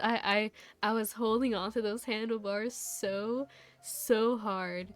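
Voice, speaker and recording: A woman VTuber with a voice on the high side chats casually with her stream viewers, speaking a little slowly over faint background music. She rambles through a story full of laughs and filler words.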